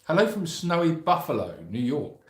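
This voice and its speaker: A sanctuary co-host reads viewers' greetings from the live chat on a casual stream, chatting and joking as he goes. He speaks at normal speed in a fairly high voice with big swings in pitch, and the recording has a roomy echo.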